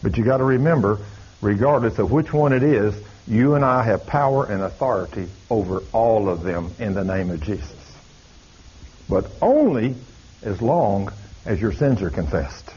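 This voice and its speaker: A man's voice: fairly low pitch, expressive, moderate pace, a little mellow, husky. A man preaching, telling a story in a folksy, dramatic way. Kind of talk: sermon storytelling. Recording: dull lo-fi recording.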